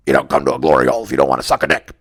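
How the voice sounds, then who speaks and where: A man putting on a voice for a gruff, pushy character, dropping far below his own pitch and barking the line out fast. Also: animated, a bit bright, exaggerated voice. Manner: blunt, barked delivery.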